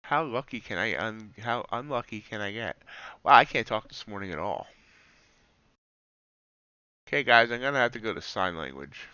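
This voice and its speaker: A man's voice: lowish voice, lively intonation, normal speed, pauses often, pushed and bright, clean tone, dry recording, dull audio. A man live-streaming his trades, chatting casually and joking at his own slips as he explains the charts. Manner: chatty, self-deprecating, explains trades while watching charts.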